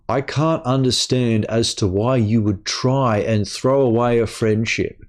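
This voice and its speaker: Slow-talking exasperated man ranting. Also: fairly low pitch, a little mellow. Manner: exasperated, swearing, stammering repeats. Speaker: gaming channel host. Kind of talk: angry personal rant to camera.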